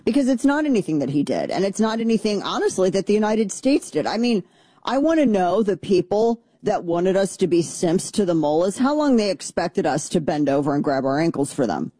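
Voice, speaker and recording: A woman's voice: mid-range voice, sing-song, a little fast, dark tone, no echo. A middle-aged woman hosting political talk radio, blunt and sarcastic, speaking into a studio microphone. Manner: blunt, combative, sarcastic, mocking mimicry of opponents. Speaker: radio talk show host.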